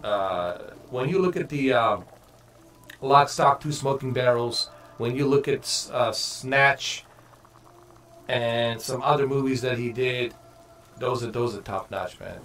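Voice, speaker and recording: A man's voice: medium pitch, slow pace, a bit bright, a little hiss or hum. A man chatting casually while streaming a game, rambling and swearing freely. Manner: rambling, profane, many fillers and restarts. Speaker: gaming streamer.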